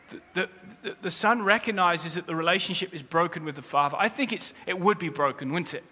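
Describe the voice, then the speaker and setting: A pastor with a high-pitched voice preaches briskly, with few pauses, addressing his congregation directly and slipping in humorous asides. He builds to loud, emphatic peaks, and a large hall's long reverb surrounds him.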